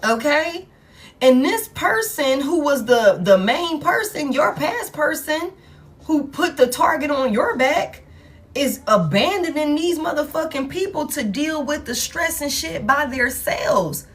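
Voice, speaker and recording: Woman tarot reader at home, higher voice, profane and emphatic delivery. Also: lively intonation, unhurried. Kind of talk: collective tarot reading.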